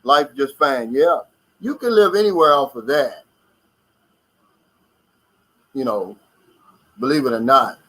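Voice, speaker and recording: A man's voice: medium pitch, lively intonation, normal speed, fairly bright tone, rough recording. An American man hosting a casual live stream, reading out viewer comments and chatting about them. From United States.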